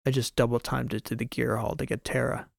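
A man narrating a science fiction audiobook in the first person, in a steady, measured way. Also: medium pitch, creaky, no echo, studio quality.

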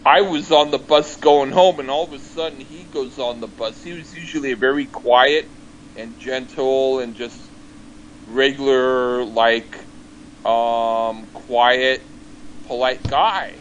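A man's voice: medium pitch, fairly even intonation, slow pace, slight background noise, rough recording. A man chatting casually over a call on a headset, stumbling and repeating words as he tells stories. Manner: stammering, repeats words, laughs while telling stories. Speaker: podcast guest.

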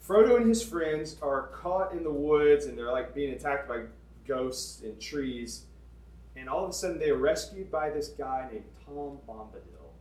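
Animated man preaching through a story. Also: fairly high pitch, moderate pace. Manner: animated, conversational, emphatic. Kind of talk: storytelling sermon. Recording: echoey room, distant mic.

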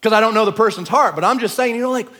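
A man preaching a sermon at a church service, talking in casual slang and swinging between shouting and quiet asides. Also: high-pitched, rapid-fire. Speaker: pastor. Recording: long church hall reverb.

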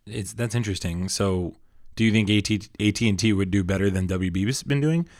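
A man's voice: fairly low pitch, fairly quick, a little mellow, no echo, clean studio sound. A man co-hosting a casual pop-culture podcast with teasing, laid-back banter. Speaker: podcast co-host.

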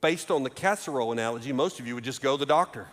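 A man preaching a sermon as pastor, moving from quiet conversational asides to raised, emphatic delivery. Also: medium pitch, rapid-fire. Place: church sanctuary. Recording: reverberant hall.

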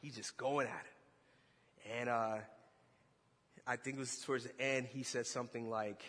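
A man preaching a sermon, telling a story with animated energy and shouting at its peaks. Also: mid-range voice, measured pace, a little hiss or hum. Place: church hall. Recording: long hall reverb.

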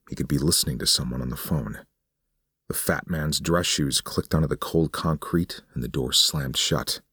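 A man narrates horror fiction in a steady, measured way. His voice is extremely low and gravelly with a husky texture, recorded dry. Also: dry recording.

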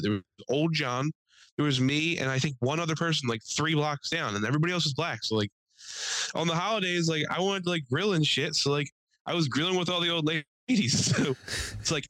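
A young man tells stories on a podcast, cursing freely and jumping up in pitch to act out the people he quotes. His voice is bright and forward, and the recording is dry and close. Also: no echo, rough recording. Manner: animated, profane, acts out quotes in raised voice. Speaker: podcast co-host. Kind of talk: casual storytelling.

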